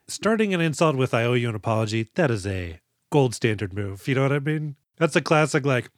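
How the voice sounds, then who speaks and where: A man's voice: mid-range voice, lively intonation, a little fast, hardly any pauses, no echo. Joking male podcast host, dry sound. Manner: jokey, acts out movie lines in quoted voices. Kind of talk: casual movie podcast chat.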